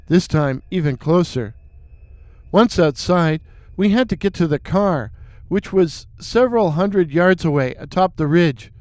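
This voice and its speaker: A man narrating a listener's story aloud, dramatic, with dry deadpan asides. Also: high-pitched, no echo. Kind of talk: reading listener stories aloud.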